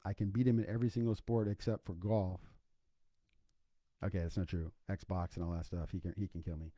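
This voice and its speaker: A middle-aged man with a fairly low, warm voice hosts a faith podcast. He talks in a loose, folksy way, full of asides and check-ins with the listener. The sound is close and dry. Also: steady tone, fairly quick, dry recording. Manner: casual, conversational, folksy with fillers and asides. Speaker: podcast host.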